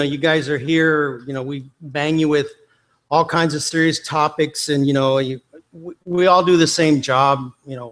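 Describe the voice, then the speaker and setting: A man's voice: a little high, fairly bright tone. A man from Texas, an athletic trainer telling self-deprecating, joking stories in a conference lecture. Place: lecture hall.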